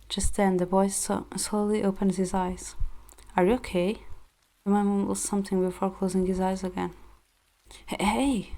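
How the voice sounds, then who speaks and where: A woman streamer reading a romance visual novel aloud, narrating expressively and breaking off now and then for chatty asides. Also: medium pitch. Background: soft background music.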